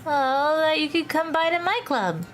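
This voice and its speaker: Bubbly airheaded schoolgirl, a woman doing the voice for a visual novel read-aloud, high and slow, sweet and sing-songy. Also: expressive, a bit bright, faint music behind. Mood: teasing.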